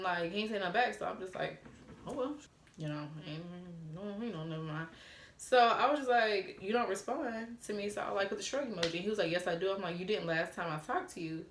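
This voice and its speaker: A woman's voice: lowish voice, brisk, a bit bright, a little hiss or hum. A young woman vlogger telling a story casually, blunt and frank, swearing freely and mimicking the texts she got. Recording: roomy echo.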